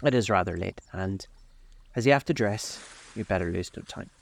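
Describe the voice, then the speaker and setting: A serious, anxious painter speaks gravely in a low, gravelly voice, as a man reads him aloud. His pleading tone stays plain and quiet, like a storybook reading. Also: moderate pace.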